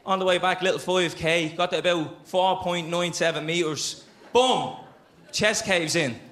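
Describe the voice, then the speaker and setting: A man's voice: sits high, measured pace, a bit bright, reverberant. A man with a Dublin Irish accent co-hosting a live comedy podcast on stage, telling a story bluntly with plenty of swearing. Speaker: podcast co-host. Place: stage of a live show in a theater.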